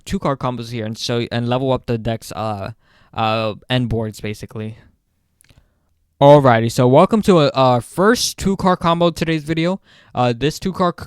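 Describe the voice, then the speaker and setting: A young man walks through card game combos in a loose, rambling tutorial, often correcting himself and doubling words for emphasis. His voice comes through smooth and clear, recorded dry and close to a desk mic. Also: mid-range voice, no echo. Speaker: card game deck guide creator.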